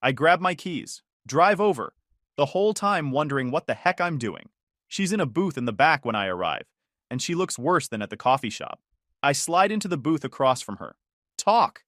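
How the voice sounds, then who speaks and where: Male first-person narrator, blunt and matter-of-fact, lively pitch, dry close recording. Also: normal speed, no room sound.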